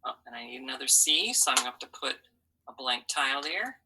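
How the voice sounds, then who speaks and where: A woman's voice: rumbling low, animated, quick pace, bright, forceful tone, a little hiss or hum, low-quality recording. A woman teaching a phonics lesson to children, patiently sounding out letters and syllables and encouraging them.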